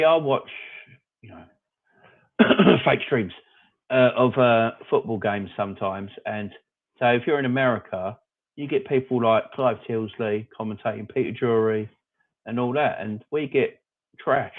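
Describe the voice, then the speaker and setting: A man hosting a casual live-stream chat, answering viewers by name in a rambling, opinionated way. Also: medium pitch. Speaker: fan channel host reading live chat. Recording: phone-like narrow audio.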